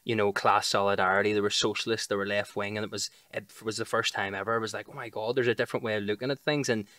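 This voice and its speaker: A man in his thirties with a Belfast accent, a comedian chatting as a podcast guest and telling stories with lively, sweary energy. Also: on the low side, quick pace, no room sound, studio quality. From Northern Ireland. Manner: animated storyteller who swears freely. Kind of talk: casual chat.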